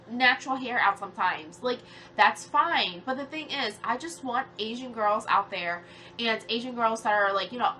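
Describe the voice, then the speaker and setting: Tearful and heated, a nasal-voiced woman in her early twenties rants to her viewers as a vlogger, swearing and rambling through plenty of fillers. Her pitch is fairly high, her tone pushed and bright. There's a little hiss or hum in the background.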